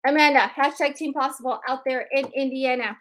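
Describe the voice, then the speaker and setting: A woman's voice: high-pitched, steady tone, brisk, a bit bright. A woman hosting a live sales stream, greeting viewers by name in a bubbly, chatty way.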